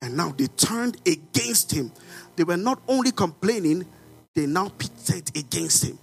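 Brief: Nigerian pastor, high voice, animated sermon with rhetorical questions and outbursts, faint music under. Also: male voice, measured pace, creaky, slightly rough. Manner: animated preaching, rhetorical questions, sudden shouts.

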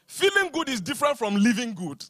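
A man preaching a sermon, calling for the congregation to repeat lines and slowing down to stress his words. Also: very high-pitched, big pitch swings, a bit bright, dry recording, studio quality. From Nigeria. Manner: emphatic preaching with call-and-response, slows down to stress lines. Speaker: pastor.

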